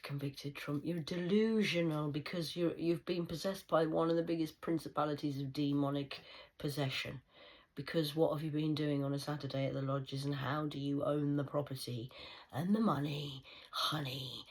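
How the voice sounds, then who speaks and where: A woman vlogging a rambling monologue, mostly in a hushed whisper, swearing freely and breaking into loud laughing rants. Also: low voice, steady tone, normal speed.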